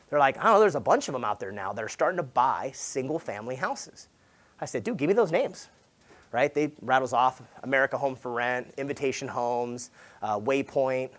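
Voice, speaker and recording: A man's voice: mid-range voice, a little fast. A man, a real estate agent, giving a motivational talk at a sales summit. He tells stories casually, acts out conversations and swears along the way. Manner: animated, acts out conversations in quoted voices; casual and slangy, swears, says dude. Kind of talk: motivational conference talk, storytelling.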